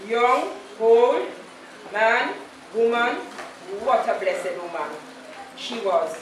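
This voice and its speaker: A Jamaican woman in her fifties giving a funeral eulogy, telling stories and slipping into patois quotes. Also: a little high. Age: 50s. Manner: anecdotal storytelling, slips into patois quotes. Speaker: eulogist, daughter of the deceased. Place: large church. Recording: echoey church, distant and noisy.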